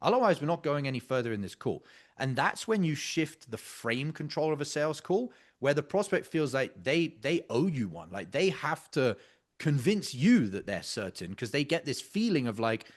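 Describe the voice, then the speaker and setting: Man, sales coach, lively swooping delivery, emphatic, intense, casual swearing. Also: a little high, normal speed. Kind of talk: coaching commentary on a practice sales call.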